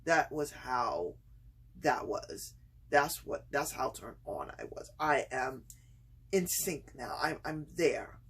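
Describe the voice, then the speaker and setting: A woman telling a personal story in a casual vlog from home. She talks hesitantly with many fillers and pauses, and gets excited and laughs as the story builds. Her throat is slightly itchy from screaming. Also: rumbling low, breathy edge. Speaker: vlogger.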